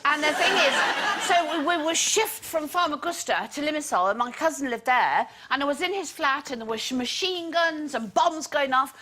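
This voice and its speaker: A woman in her fifties on a chat show panel, telling holiday anecdotes in an animated way. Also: high-pitched, moderate pace, hardly any pauses, a faint crowd, slight background noise. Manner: animated anecdote teller, laughing. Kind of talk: casual chat.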